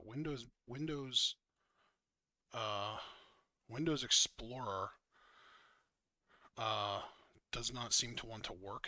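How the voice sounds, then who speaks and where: Dry, bright-voiced male stream host. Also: mid-range voice, dry recording. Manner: frank, swears freely. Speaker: podcast host running the stream. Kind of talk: casual chat. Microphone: computer mic on a call.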